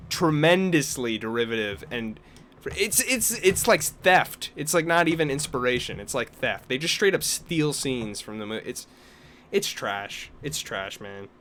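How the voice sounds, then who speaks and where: A man's voice: medium pitch, measured pace, a little hiss or hum. A young man co-hosting a podcast, telling stories and ranting with lots of swearing in casual chat. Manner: profane, animated storytelling with rants. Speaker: podcast co-host.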